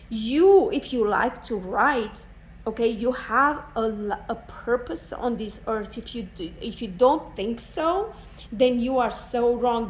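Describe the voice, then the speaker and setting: A woman's voice: a little high, rough recording. A woman doing a pick-a-card tarot reading, speaking in an earnest, encouraging way and often repeating herself. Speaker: tarot reader.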